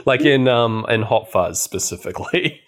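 A man's voice: mid-range voice, lively intonation, moderate pace, a bit bright. A man co-hosting a podcast, casually recapping a film with a chatty, laughing manner. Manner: chatty, laughing, lots of fillers. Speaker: podcast co-host.

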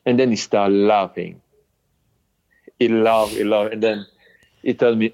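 A man, a former footballer, recounting his memories in an interview in halting non-native English. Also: fairly low pitch, little pitch movement, a little mellow. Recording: dull lo-fi sound.

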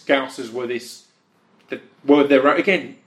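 A man hosting a casual interview, speaking haltingly with frequent restarts. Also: mid-range voice, a bit bright. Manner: halting, restarts often, many agreeing yeahs.

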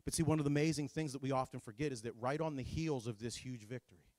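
A man preaching a sermon in a sarcastic, animated, jokey way. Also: medium pitch, quick pace, dry recording. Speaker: pastor.

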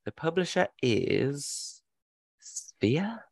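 A man co-hosting a podcast in casual, excitable chat and swearing freely. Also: a little high, very slow, vocal fry, dry recording. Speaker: podcast co-host.

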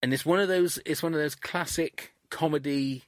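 A man's voice: on the high side, moderate pace, dry recording. A man chatting casually as a podcast co-host, recounting scenes and acting out lines from a comedy episode. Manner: recounts scenes, quoting lines in playful put-on voices.

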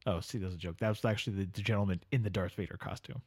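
A man's voice: lowish voice, darkish tone, husky. A man co-hosting a podcast, chatting casually in a joking, rambling way full of fillers. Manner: joking, rambling, quick talk with many fillers. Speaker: podcast co-host. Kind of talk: casual chat.

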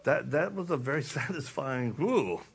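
A man's voice: a little high, lively intonation, moderate pace, creaky, pushed and bright. A man preaching a casual sermon, folksy and joking, acting out the dialogue of the story.

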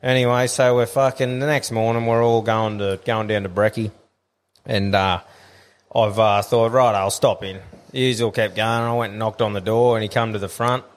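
A man's voice: on the low side, steady tone, normal speed, in a large hall. A young man co-hosting a podcast, telling a crude story with lots of swearing and laughter. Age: young adult. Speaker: podcast co-host. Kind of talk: casual podcast banter.

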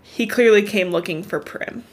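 A woman's voice: medium pitch, moderate pace. A woman co-hosting a podcast, casually retelling a novel's plot, swearing freely and filling with "like.". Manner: swears freely, retells story with many likes. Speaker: podcast co-host. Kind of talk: casual book recap chat.

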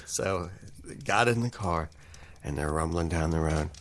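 A man telling an improvised comic story in a mock-spooky, deadpan way, as host. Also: deep voice, unhurried, a little hiss or hum.

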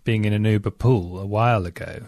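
A man hosting a casual conversation, calmly prompting his guest to tell a story. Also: lowish voice, fairly quick. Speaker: host.

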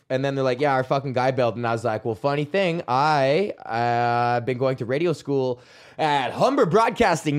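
A man's voice: mid-range voice, fairly quick, smooth. Podcast host, young man from Canada, rambling casual monologue, profane and laughing.

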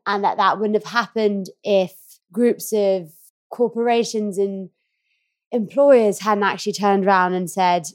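A woman hosting a podcast interview, asking reflective, measured questions. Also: medium pitch, fairly even intonation. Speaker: podcast host.

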